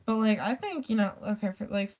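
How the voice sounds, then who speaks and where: The audio is dull, but her mid-range, darkish voice comes through animated and fairly quick. She's a vlogger chatting casually, rambling with plenty of "like" fillers and casual swearing.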